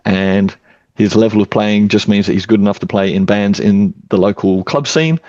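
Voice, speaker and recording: A man hosting a casual podcast, speaking in a relaxed, reflective way and thinking aloud with the odd filler. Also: fairly low pitch, normal speed, no room sound, lo-fi sound. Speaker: podcast host and father.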